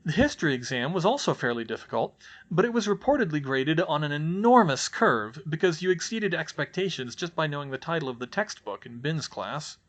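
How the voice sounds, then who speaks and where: A man reading a fan fiction audiobook in a steady, plain storytelling manner. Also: fairly high pitch, brisk. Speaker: audiobook reader.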